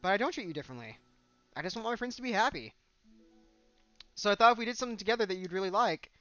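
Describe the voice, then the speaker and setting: A man's voice: sits high, animated, quick pace, pushed and bright, dry recording, lo-fi sound, soft background music. A man voicing a cheerful, eager teenage girl in a visual novel, bubbly and earnest. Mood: pleading.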